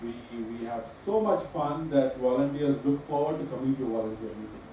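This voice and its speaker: A man's voice: medium pitch, a little fast, slight background noise. A middle-aged man speaks on a panel, telling stories with a sarcastic, joking edge. He is heard from a distance in a strongly echoing hall, and the sound is dull and muffled. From India. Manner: joking, sarcastic, animated storytelling. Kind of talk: panel discussion. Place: large echoey event hall. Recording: echoey hall recording from far off, dull.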